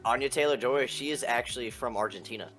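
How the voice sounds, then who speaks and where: A man co-hosting a podcast in casual chat, eager to explain things and dropping deadpan punchlines between chuckles. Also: medium pitch, quick pace, soft background music. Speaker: podcast co-host.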